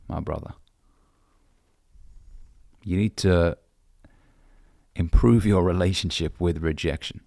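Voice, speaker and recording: A man's voice: low voice, creaky, a little mellow, no room sound, studio quality. A young man from the UK, a dating coach, giving blunt, brotherly advice and swearing casually. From United Kingdom. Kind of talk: direct-to-camera advice talk.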